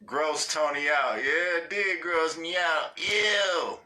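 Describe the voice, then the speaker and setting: Reading out viewer comments during a casual livestream, a man keeps things relaxed, slangy, and profane, frequently bursting into laughter. He speaks slowly, with a voice on the high side and a sharp tone.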